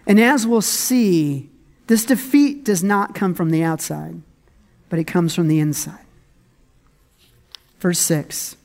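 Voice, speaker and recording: A pastor delivers a conversational sermon, reading scripture and commenting on it with humor, laughing often and swinging dramatically in pitch. The voice is a little mellow and takes things slowly, with long pauses.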